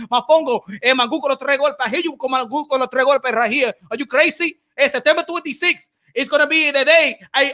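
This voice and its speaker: A man's voice: very high voice, voice pushed up. A man impersonating a cocky male boxer with a Dominican Spanish accent, taunting in broken English mixed with Spanish curses. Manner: taunting, shouting, mocking.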